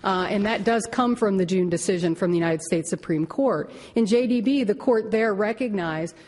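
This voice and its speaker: A woman attorney making a measured oral argument before a court, often restarting phrases. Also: medium pitch, a little mellow. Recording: long reverb of a courtroom.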